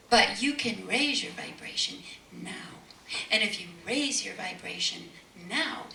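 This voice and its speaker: Woman speaker, bright and gravelly, emphatic storyteller repeating key words, distant mic in a roomy hall. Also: mid-range voice, lively intonation, measured pace. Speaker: spiritual speaker. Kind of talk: inspirational lecture with storytelling. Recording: echoey room, distant mic, faint noise.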